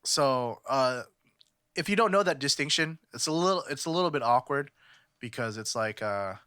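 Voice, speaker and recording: A man's voice: medium pitch, expressive, normal speed, sharp tone, clear, resonant tone, no echo, clean studio sound. A young man from California chatting on a podcast, rambling with lots of fillers and restarts. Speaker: podcast co-host. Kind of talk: casual podcast chat.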